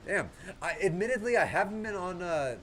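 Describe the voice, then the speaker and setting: A man's voice: sits high, expressive, brisk, fairly bright tone, a little hiss or hum. A man streaming a game, chatting casually with viewers, with lots of fillers and laughs. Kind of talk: casual livestream chat.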